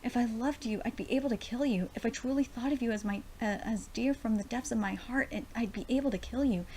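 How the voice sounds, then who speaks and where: A woman's voice: fairly high pitch, fairly quick, mellow, slight background noise, close to an everyday voice. A woman reading as a lonely cursed immortal man. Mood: brooding. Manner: brooding, confessional.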